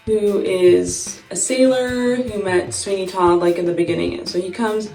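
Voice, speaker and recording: Doing her makeup, a young woman vlogger chats through a story at a moderate pace, her medium-pitched voice warm, fairly even, and edged with vocal fry. She giggles and leans heavily on "like," captured by a far mic in an echoey room with faint music.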